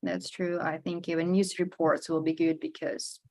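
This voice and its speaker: Attentive woman interviewer, soft backchannels. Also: lowish voice, little pitch movement, normal speed, vocal fry. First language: non-native English speaker. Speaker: interviewer, English teacher. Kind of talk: casual conversational interview.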